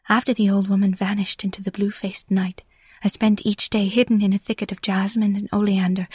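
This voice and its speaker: A woman's voice: medium pitch, breathy edge, no echo, studio quality, close to an everyday voice. A woman whispering as a secretive garden girl. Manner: hushed, unvoiced whisper. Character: mysterious young girl storyteller, pale and still. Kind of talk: whispered role-play.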